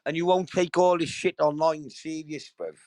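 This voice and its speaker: A man chatting casually on a livestream from home, crude and mocking, swearing constantly, with sudden loud outbursts. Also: fairly high pitch, normal speed, no echo. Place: at home with dogs nearby.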